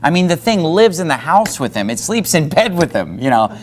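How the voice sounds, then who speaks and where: A man's voice: fairly high pitch, very animated, a little fast. A man preaching a sermon who reads scripture aloud and breaks into casual asides. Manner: preaching with rising emphasis, reads scripture in King James wording; conversational asides with fillers. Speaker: pastor.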